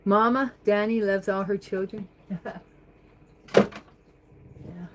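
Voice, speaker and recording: At home by the kitchen sink, a woman reads her livestream viewers' comments aloud and gives rambling answers. Her mid-range voice is extremely slow with fairly even intonation, and the recording quality is low.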